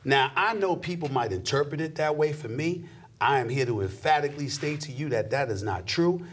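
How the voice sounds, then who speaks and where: A middle-aged man in an animated interview, emphatic and preachy, dropping low then shooting up into high exclamations. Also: a little fast, breathy edge. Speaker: sports commentator guest.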